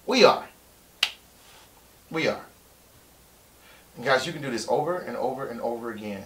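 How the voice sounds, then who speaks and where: Bright-voiced man pitching a seminar. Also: moderate pace, pauses often. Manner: excitable, repeats key points for emphasis; breaks into loud shouting impressions. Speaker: real estate coach. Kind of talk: live-stream sales pitch.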